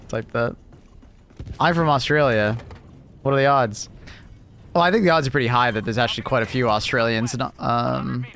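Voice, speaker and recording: A British man chats with viewers while he streams a game, laughing readily and swearing when things go wrong. His voice sits at a mid pitch, with a faint hum of noise behind it. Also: fairly bright tone. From Britain. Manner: laughing, swearing, reacting to chat. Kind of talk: casual livestream chat while gaming.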